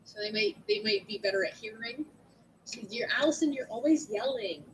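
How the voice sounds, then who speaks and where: A woman teacher with a big, loud voice talks through an online lesson into her computer. Her pitch sits a bit high and swings widely as she explains, checking in with "right?" again and again. A faint hiss lies under the recording. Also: fairly quick, vocal fry, rough recording. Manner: chatty, animated, asks "right?" often. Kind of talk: online lecture to students. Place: at home at a computer. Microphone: computer mic.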